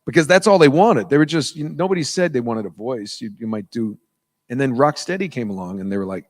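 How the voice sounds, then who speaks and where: An American man, a voice actor guest at a convention panel, telling lively stories and slipping into voices in an auditorium. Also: medium pitch, brisk. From United States. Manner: animated storyteller, slips into voices and impressions.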